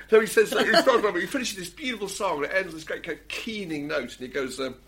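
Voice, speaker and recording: A man's voice: high voice, fast, hardly any pauses. A man hosting a podcast, chatting and telling stories with lots of laughter. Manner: animated storyteller, laughs often. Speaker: podcast host. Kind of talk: casual chat.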